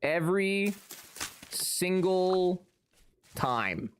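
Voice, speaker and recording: A man's voice: high-pitched, lively intonation, extremely slow, slight background noise. A man streaming live, chatting casually and answering his chat with sarcastic, joking banter.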